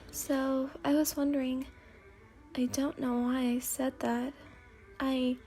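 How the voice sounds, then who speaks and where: A woman narrating a whispered role-play story in the first person, softly and unhurriedly. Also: sits high.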